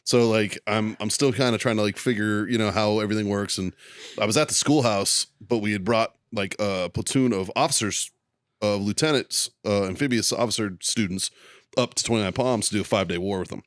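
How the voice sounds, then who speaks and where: A man's voice: lowish voice, brisk, dry recording, studio quality. A man in his thirties, co-hosting a podcast, telling a war story in a loose, swearing, filler-heavy way. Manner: swears freely, lots of fillers, laughs mid-story. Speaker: podcast co-host. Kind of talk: casual profane storytelling.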